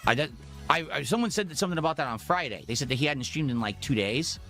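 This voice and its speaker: A man's voice: a little high, lively intonation, quick pace, a bit bright. A man co-hosting a casual chat, telling a rambling, exasperated story. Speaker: co-host. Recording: faint music behind.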